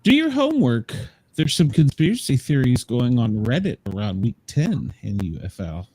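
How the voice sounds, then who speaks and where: A man co-hosting a sports podcast with a wry sense of humor and quick jokes. His pitch moves up and down in a lively way, and his voice sounds dry and close to the mic. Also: no room sound, rough recording. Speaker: podcast co-host. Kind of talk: casual sports chat.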